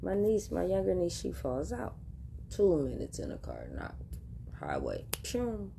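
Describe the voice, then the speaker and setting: A woman's voice: lowish voice, wildly swooping pitch, measured pace, gravelly, warm tone, a little hiss or hum. A woman hosting a podcast, telling a casual story straight to her listeners, chatty and laughing often. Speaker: podcast host.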